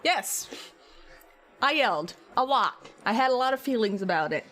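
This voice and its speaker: A woman's voice: fairly high pitch, animated, normal speed, a bit bright. Chatty woman streamer, rambling. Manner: chatty, rambling, frequent "like" fillers and laughs. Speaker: art streamer. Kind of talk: casual live-stream chat while sculpting.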